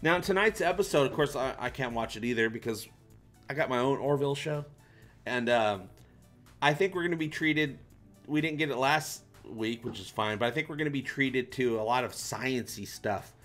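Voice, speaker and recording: A man's voice: mid-range voice, normal speed, fairly bright tone, faint music behind. A man hosting a livestream, chatting loosely and reading out viewer comments, with casual swearing. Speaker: livestream host.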